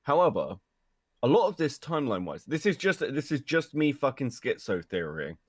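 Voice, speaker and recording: A man's voice: medium pitch, very animated, normal speed, no echo, clean studio sound. A British man chatting casually as a guest on a stream, laid-back and swearing. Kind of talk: casual chat.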